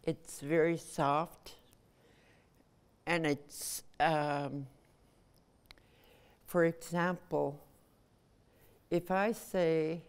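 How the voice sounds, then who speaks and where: Older woman, low voice, unhurried, smooth clear tone, pausing recollection. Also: steady tone. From Nunavut, Canada. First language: Inuktitut. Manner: measured, pausing between phrases. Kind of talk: personal recollection.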